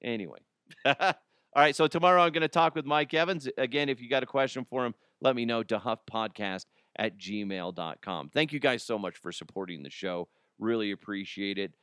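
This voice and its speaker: Man hosting solo podcast, casual joking ramble, average pitch, dry close mic. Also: normal speed, a bit bright, clean tone, no echo. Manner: joking, rambling, laughs at own jokes. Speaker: podcast host.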